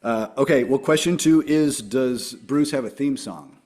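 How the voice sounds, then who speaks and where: A man's voice: mid-range voice, measured pace, a little mellow. A man hosting a casual podcast interview, working through numbered questions with short, easygoing replies. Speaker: podcast host.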